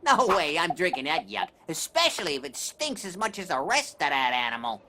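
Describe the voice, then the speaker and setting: Cartoon coward: whiny, sarcastic, pitch swinging all over. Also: male voice, sing-song, fairly quick. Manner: sarcastic, whiny, prone to shouting. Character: cowardly sarcastic grumbling small male dragon hunter. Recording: cartoon soundtrack with loud music.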